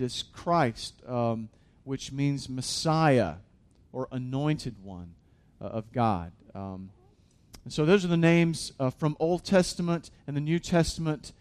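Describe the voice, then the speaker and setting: A man's voice: a little high, a little mellow. A man, a pastor, preaching a sermon in an earnest, conversational way.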